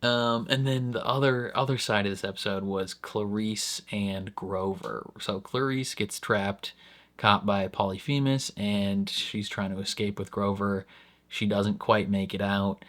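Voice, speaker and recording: A man's voice: fairly low pitch, fairly even intonation, a little slow, fairly bright tone. A man hosting a casual reaction review, rambling in an easygoing way, chuckling often, and jumping his voice up on asides. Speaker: reaction channel host.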